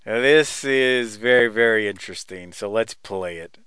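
A man hosting a casual podcast, talking in an animated, profane way while presenting a clip. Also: on the low side, normal speed, smooth, no room sound. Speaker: podcast host. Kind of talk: casual chat.

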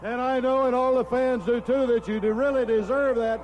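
Upbeat wrestling TV announcer. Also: male voice, very high voice, flat delivery, moderate pace, a little mellow. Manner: upbeat, promotional. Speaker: wrestling TV host.

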